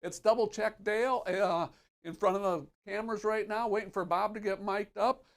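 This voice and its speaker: Man with a gravelly voice, slightly high, folksy safety host on a live stream. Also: fairly even intonation, moderate pace.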